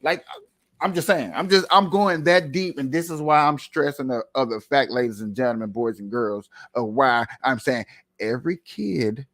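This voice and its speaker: A man giving casual, animated commentary on a livestream, firing off repetitive rhetorical questions in heavy slang. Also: mid-range voice.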